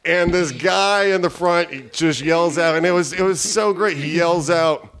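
A man's voice: on the high side, a little slow, crowd noise. A comedian guest telling a story in casual chat, swearing and acting out the people he quotes. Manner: animated, swearing, acts out quotes in voices.

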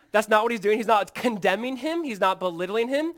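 Pastor guy preaching, fairly high voice, goes quiet then punches it up loud. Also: fairly quick. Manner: earnest, swings from hushed to loud and emphatic; acts out quoted lines in a lively, casual way. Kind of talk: sermon.

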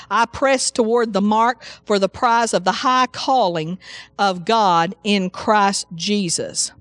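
A woman preacher delivering a fervent sermon, reading scripture slowly and calling out praise. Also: mid-range voice, fairly bright tone, no room sound. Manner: fervent, slow emphatic scripture reading with exclamations.

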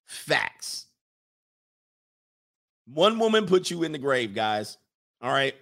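A man's voice: mid-range voice, sing-song, slow pace, vocal fry, fairly bright tone. A man hosting a casual livestream, reading chat comments and giving emphatic opinions, often repeating phrases for effect.

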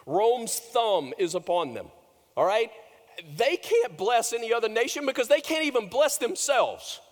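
A man preaches in a church sanctuary, his voice sitting high for a man. He tells the story dramatically, climbing loud and then dropping to a hushed hush. A long reverb trails off every phrase. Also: sing-song, a little slow. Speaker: pastor. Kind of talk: sermon.

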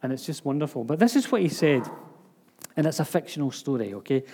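A man's voice: on the high side, sing-song, fast talker, warm tone, slightly rough. A man, telling a story in a sermon with dramatic delivery and asides to the congregation. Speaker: preacher. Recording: long hall reverb.

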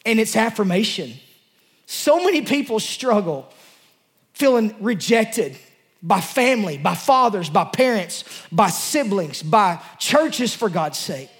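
High-voiced, passionate male preacher. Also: big pitch swings, a little slow. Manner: passionate, emotional, conversational preaching with restarts. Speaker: pastor. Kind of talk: sermon. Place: church service before a congregation.

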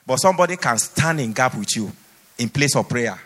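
A man's voice: medium pitch, expressive, fairly quick, fairly bright tone. A man preaching a sermon in a church, exhorting his listeners with emphatic, repeated phrases. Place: church hall. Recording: long hall reverb.

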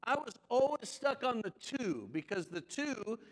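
A man's voice: extremely high pitch, sing-song, unhurried, fairly bright tone, long reverb tail, low-quality recording. A man preaching a sermon as pastor, with chatty, joking asides to the congregation.

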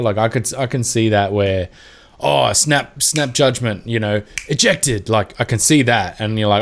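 Australian male podcast co-host, lowish voice, loose and animated, swears freely. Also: moderate pace. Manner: animated, swearing, acts out mock quotes. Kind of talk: casual sports chat.

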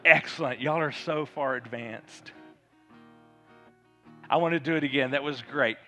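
Slow, bright-voiced pastor. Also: male voice, mid-range voice, faint music behind. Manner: leads congregation in call-and-response and prayer; slow, emphatic delivery that swells to loud fervor. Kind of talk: sermon.

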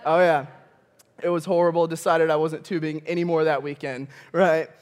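A young male campus pastor from Michigan, preaching a sermon with animated storytelling, often chuckling and calling out to the congregation. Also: a little high, moderate pace, clear, resonant tone. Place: church auditorium.

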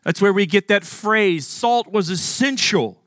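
A man's voice: high-pitched, lively intonation, a little slow, a bit bright, dry recording, clean studio sound. A man from Arkansas preaching a sermon as pastor, earnest and emphatic, asking the congregation questions.

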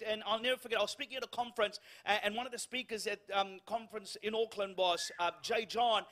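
High bright-voiced man preaching. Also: quick pace, hardly any pauses. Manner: animated storytelling with self-deprecating humor. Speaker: guest preacher. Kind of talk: sermon.

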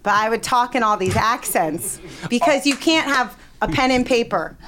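A woman's voice: a little high, animated, moderate pace, a bit bright. A woman chatting casually, telling a funny story and quoting people in different voices. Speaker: guest storyteller.

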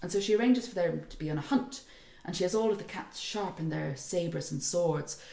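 A woman's voice: on the low side, moderate pace, gravelly, warm tone, echoey room. A woman retelling a folk tale in casual chat, acting out voices and laughing often. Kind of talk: casual storytelling.

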